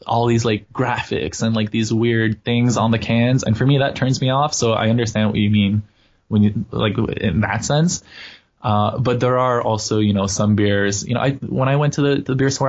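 A man's voice: medium pitch, a little mellow. A man hosting a podcast, chatting casually and rambling with lots of fillers. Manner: rambling, many "you know" fillers. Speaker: podcast host. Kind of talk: casual chat. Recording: dull lo-fi sound.

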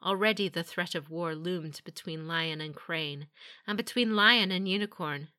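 Bright-voiced woman narrating fantasy. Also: on the low side, unhurried. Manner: steady, even storytelling. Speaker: audiobook narrator.

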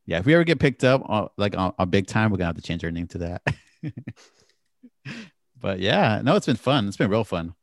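A man's voice: lowish voice, sing-song, brisk, pauses often, dry recording, clean studio sound. A man co-hosting a podcast in casual chat, talking enthusiastically and laughing often. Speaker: podcast co-host.

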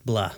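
A man's voice: medium pitch, slightly rough. A man co-hosting a casual podcast, ranting with heavy swearing. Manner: profane, ranting.

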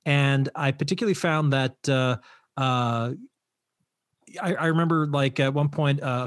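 A man's voice: medium pitch, no room sound. American guy, 50s, chatty storyteller, dry close sound. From United States. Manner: chatty storyteller, frequent "you know". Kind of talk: casual discussion, anecdotes.

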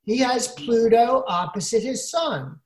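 A woman's voice: on the high side, expressive, unhurried, very noisy. A woman co-hosts a casual podcast, explaining things in a loose, rambling way. Her voice carries a noticeable room echo. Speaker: podcast co-host. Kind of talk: casual chat.

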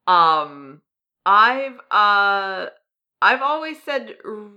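A woman's voice: medium pitch, big pitch swings, extremely slow, pushed and bright, dull audio. A woman co-hosting a podcast in casual chat, talking in a hesitant way with many ums and self-deprecating asides. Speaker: podcast co-host.

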